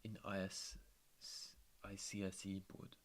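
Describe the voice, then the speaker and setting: A man's voice: low-pitched, completely flat delivery, unhurried. A young man chatting casually while trading, laid-back and slangy, swearing freely. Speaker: trader streaming his trading. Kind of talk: casual chat.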